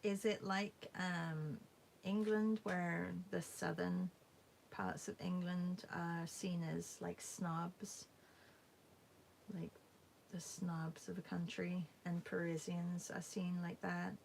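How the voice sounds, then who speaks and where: A woman leads a live drawing class and chats casually as she works. Her voice is lowish and slightly gravelly, and she talks slowly and softly. She often slips into a half-whisper over faint background noise. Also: little pitch movement, rough recording. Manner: soft and musing, often dropping to a half-whisper. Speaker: art teacher hosting a live drawing class. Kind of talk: casual chat while drawing.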